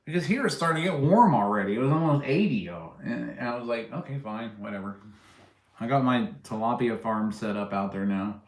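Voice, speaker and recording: Talking a little fast and barely pausing, a man with an animated, medium-pitched voice rambles through a casual livestream, joking with viewers and laughing at his own stories. The room echoes.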